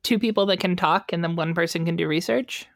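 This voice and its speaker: A woman's voice: fairly low pitch, a little fast, creaky, no echo, clean studio sound. A woman hosting a casual podcast, chatty, asking questions and explaining her views at length. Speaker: podcast host. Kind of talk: casual chat.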